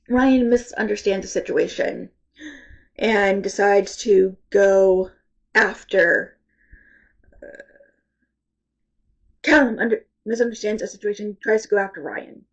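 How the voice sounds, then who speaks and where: A book reviewer chats casually and ramblingly, halting often and sounding congested from allergies. Her medium-pitched voice is gravelly, and the highs are cut off.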